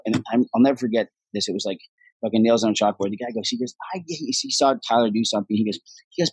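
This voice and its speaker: A man being interviewed as an actor guest, telling stories in a casual, profane, animated way and acting out what others said. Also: medium pitch, very fast, breathy edge, no room sound, poor audio.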